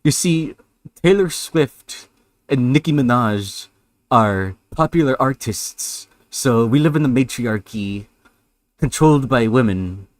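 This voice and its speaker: A man putting on the voice of a smug, dim man lecturing, in a mocking, drawn-out know-it-all tone. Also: medium pitch, expressive, no echo.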